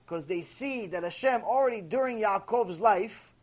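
A man teaching a Torah lecture in an animated, repetitive way, acting out voices as he speaks. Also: high-pitched, moderate pace. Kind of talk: recorded mussar lecture.

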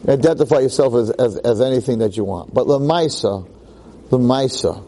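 A man's voice: medium pitch, moderate pace, poor audio. A middle-aged man, a rabbi telling stories in a Torah talk to a class of girls, acting out the voices. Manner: animated, acts out voices in stories.

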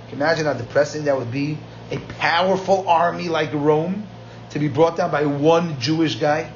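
Guy giving a talmud class, kinda high voice, animated storytelling, slightly muffled lo-fi audio. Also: normal speed, a little hiss or hum. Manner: lively storyteller mixing Aramaic quotes with plain English. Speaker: Talmud lecturer.

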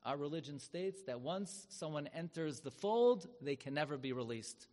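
A man's voice: animated, normal speed. Dramatic man preaching in a hall. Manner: dramatic, swells loud and high when acting out quoted rabbis. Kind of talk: sermon storytelling. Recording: long hall reverb.

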